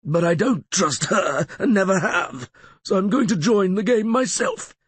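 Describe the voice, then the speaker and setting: A man's voice: high-pitched, lively intonation, measured pace, a bit bright, slightly rough, no echo, exaggerated voice. A man voicing a cunning, sickly male lawyer who sneers with cynical scorn, in an audiobook. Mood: scornful.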